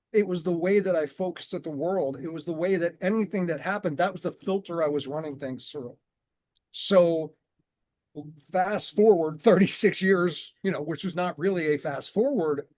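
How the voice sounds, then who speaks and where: A man telling his story in an earnest, measured way and slowing down on key words, as a guest on a conversational show. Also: high voice, a little mellow, no room sound. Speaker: guest, transformation coach.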